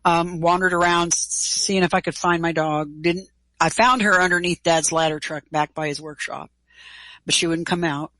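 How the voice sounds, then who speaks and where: A woman's voice: on the low side, moderate pace, no echo, low-quality recording. Middle-aged woman retelling a story, dry sound. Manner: lively, animated retelling with quoted dialogue and casual cursing. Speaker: guest. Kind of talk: personal storytelling in an interview.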